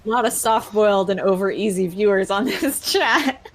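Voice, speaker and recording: A woman's voice: medium pitch, moderate pace. A woman hosting a casual gaming stream, chatting playfully and reading viewer comments aloud. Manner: playful, reads chat aloud. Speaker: stream host.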